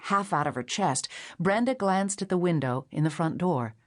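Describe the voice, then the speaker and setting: A woman narrating a novel in a steady, measured storytelling manner. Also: sits low. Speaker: audiobook narrator. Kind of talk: scripted narration.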